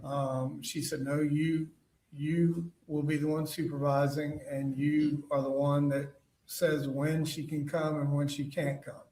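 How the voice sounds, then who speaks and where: A man testifying as a witness in court, halting and full of fillers and restarts. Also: fairly high pitch, little pitch movement, darkish tone. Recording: echoey courtroom audio from far off.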